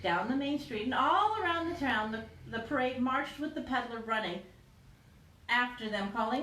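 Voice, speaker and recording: Animated woman reading a storybook aloud. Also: fairly high pitch, normal speed. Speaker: teacher. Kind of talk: reading a picture book aloud. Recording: roomy echo with faint noise.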